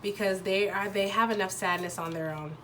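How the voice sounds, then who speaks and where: A young woman with a nasal voice from a sinus infection, giving a casual tarot reading and often pausing and restarting as she searches for words. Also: medium pitch, steady tone, fairly bright tone, slight background noise. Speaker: tarot reader.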